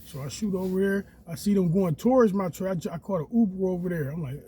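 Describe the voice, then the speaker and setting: A man telling a story casually, animated and profane, acting out quotes in a raised voice. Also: high voice, a little fast, breathy edge.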